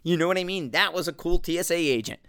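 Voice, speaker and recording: Man, middle-aged, podcast host, smooth clear voice, loose animated storytelling, frequent cursing and restarts. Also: fairly high pitch, quick pace. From Connecticut, US East Coast. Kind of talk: casual monologue.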